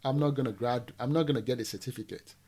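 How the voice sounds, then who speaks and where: A man's voice: medium pitch, fast, a little mellow. A man from Nigeria with a Nigerian accent, a podcast guest recounting his past in a casual interview, using many fillers and acting out dialogue. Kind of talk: storytelling interview.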